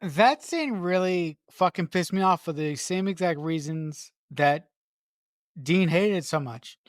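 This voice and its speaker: A woman's voice: lowish voice, expressive, takes it slowly, no echo, studio quality. A woman co-hosting a podcast, talking about a film in casual chat, swearing emphatically and stumbling over restarts when worked up. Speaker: podcast co-host.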